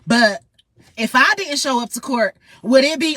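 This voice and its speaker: A woman's voice: high-pitched, expressive, moderate pace, a bit bright, dry recording. A woman ranting in a heated, profane, confrontational monologue straight to her viewers. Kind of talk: angry monologue vlog.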